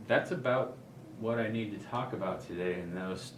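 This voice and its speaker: A man talking through a guitar setup in a relaxed, unhurried way, pausing often to think as he demonstrates. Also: fairly low pitch, roomy sound, noisy background. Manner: relaxed, thinking aloud with many ums. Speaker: guitar player explaining setup. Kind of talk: casual demonstration.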